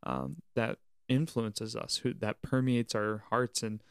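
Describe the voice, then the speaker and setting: A man's voice: on the low side, slow pace, vocal fry, clean tone, no echo, studio quality. A young man co-hosting a podcast, talking earnestly about camp staff, leading by example and faith in everyday life. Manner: earnest, preachy, uses church wording. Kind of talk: casual reflective podcast chat.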